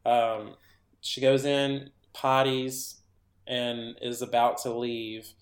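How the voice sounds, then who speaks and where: A man on a casual podcast retells a horror movie at length. He rambles and fills every pause with "like" and "um", and his pitch sits in the middle. He slips into the characters' lines as he goes, and the room around him has a noticeable echo. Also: level tone. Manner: rambling, filler-heavy, acts out characters' lines. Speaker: podcast co-host.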